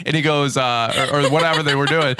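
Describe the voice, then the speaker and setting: A man's voice: fairly high pitch, brisk, noisy background. A young man hosting a casual podcast chat, telling funny stories, acting out other people's lines and laughing often. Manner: animated storyteller, acts out quotes, laughs often. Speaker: podcast host. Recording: dry studio sound.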